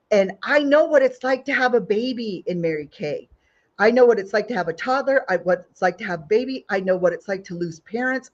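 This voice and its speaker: A woman with a lilt gives an earnest motivational talk at a middle pitch. She asks her listeners question after question and repeats phrases for emphasis. The recording sounds a little dull. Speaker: Mary Kay sales director giving a recruiting talk.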